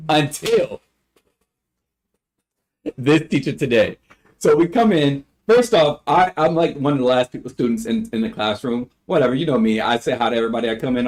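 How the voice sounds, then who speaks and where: A young man live streaming, telling a story to his chat in a casual, animated way, laughing and swearing freely. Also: mid-range voice, slight background noise. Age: young adult.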